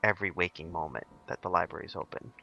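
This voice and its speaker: A man running a tabletop horror game, explaining things to players in a relaxed, casual way. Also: sits low, quick pace, creaky, breathy edge, muffled recording, soft background music. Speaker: game master.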